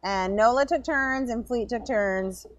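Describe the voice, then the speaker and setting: A woman's voice: a little high, unhurried, slight background noise. A woman co-hosting a casual podcast from a hotel lobby, playful and joking, often cutting in. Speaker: podcast co-host. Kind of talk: casual chat.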